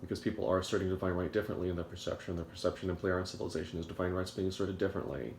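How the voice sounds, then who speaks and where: A man with a very low voice talks quickly through a rambling morning commentary, stumbling and repeating words as he restarts his thoughts. The sound is roomy and echoey, with a faint hiss underneath. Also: steady tone, darkish tone. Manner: halting, stammers and repeats words. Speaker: video commentator.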